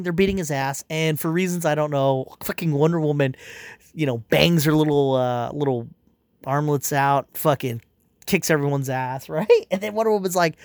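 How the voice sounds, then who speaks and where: A man's voice: a little high, normal speed, a little mellow, no echo. Profane, rambling man, dry sound. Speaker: comic fan reviewing a movie. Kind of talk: casual rant.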